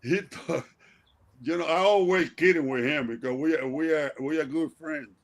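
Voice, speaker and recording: Older male guest, high-ish voice, animated laughing storyteller. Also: normal speed. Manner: animated, laughing, acts out remembered exchanges with raised voice. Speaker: guest, retired baseball player. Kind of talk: casual storytelling on a talk show.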